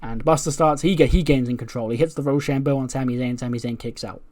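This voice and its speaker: A man's voice: mid-range voice, quick pace. A man hosts a let's play, calling simulated wrestling matches blow by blow. His voice sits mid-range, and he drops in offhand asides between the action. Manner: lively play-by-play, with asides and swearing. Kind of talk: narrating a simulated wrestling show.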